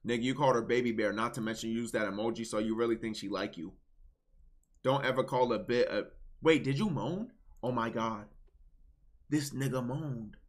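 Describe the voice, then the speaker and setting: A man streaming casual reaction commentary, blunt, swinging between low muttering and loud outbursts. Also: a little fast.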